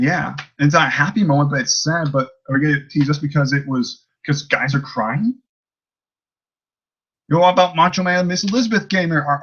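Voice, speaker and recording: A man's voice: on the high side, fairly bright tone, dull audio. A man ranting in a casual vlog, rambling and exasperated, with many restarts and fillers. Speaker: YouTuber ranting about a commenter.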